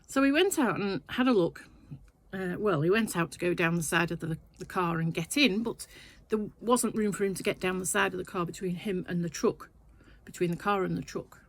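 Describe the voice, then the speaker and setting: Older lady rambling through a story, gravelly voice, chatty and full of asides. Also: on the low side, a little fast, slight background noise. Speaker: sewing vlogger. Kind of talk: casual storytelling chat. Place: her sewing shed, indoors.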